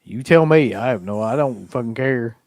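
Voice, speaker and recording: A man's voice: mid-range voice, normal speed, a little mellow, no echo. A man co-hosting a livestream, joking sarcastically and swearing freely. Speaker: co-host of a horror movie livestream. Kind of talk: casual chat.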